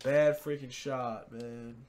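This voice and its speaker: A man giving live gameplay commentary as a gaming creator, excitable, swinging between low muttering and loud shouts and repeating catchphrases. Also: slow, a little hiss or hum. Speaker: gaming YouTuber.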